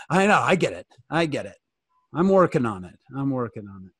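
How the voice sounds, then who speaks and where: An American man giving an interactive fireside talk, animated and joking, often asking his listeners questions. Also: medium pitch, fairly quick, slightly rough, dry recording, clean studio sound. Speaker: fireside speaker.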